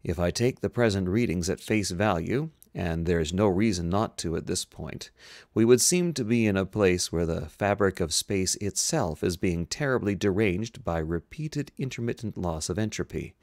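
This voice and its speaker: A man voicing a calm, logical male science officer who speaks in measured, precise sentences. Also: deep voice, no echo, clean studio sound. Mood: detached.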